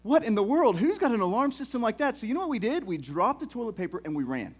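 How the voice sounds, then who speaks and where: A middle-aged man, preaching a sermon in a folksy, animated storytelling way with many restarts. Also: very high voice, quick pace, husky. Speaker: pastor.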